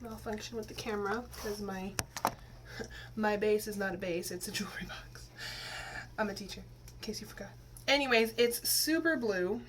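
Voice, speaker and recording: A woman's voice: mid-range voice, moderate pace, a bit bright. Chatty woman from Texas, slightly distant mic. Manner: chatty, rambling, many fillers and restarts. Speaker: teacher and vlogger. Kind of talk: casual hair-dye tutorial vlog. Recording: slightly distant mic, faint room noise.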